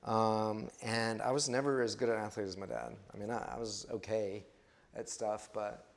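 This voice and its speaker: A man's voice: on the low side, fairly even intonation, normal speed, creaky. A man in his fifties from West Texas, a missionary telling his own life story in a sermon, with many fillers and restarts. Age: 50s. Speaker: missionary speaker. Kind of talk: personal testimony in a sermon.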